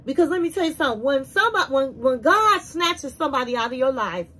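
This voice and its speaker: A woman reviewer giving a casual, opinionated recap of a reality TV episode in a lively storytelling manner. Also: high voice, fast, poor audio. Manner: animated storytelling, conversational and opinionated.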